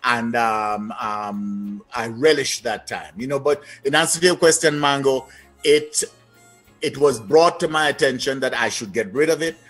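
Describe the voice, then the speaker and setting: Jamaican man, breathy voice, interview guest, lively anecdotes, faint music behind. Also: medium pitch. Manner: lively, anecdotal, trailing-off phrases. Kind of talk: casual interview storytelling.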